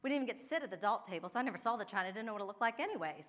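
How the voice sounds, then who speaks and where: A woman's voice: mid-range voice, expressive, rapid-fire, in a large hall. A woman in her forties from Ohio, giving a chatty workshop talk with personal stories, laughing often and speaking straight to her audience. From Ohio, USA. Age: 40s. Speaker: downsizing and home organizing expert.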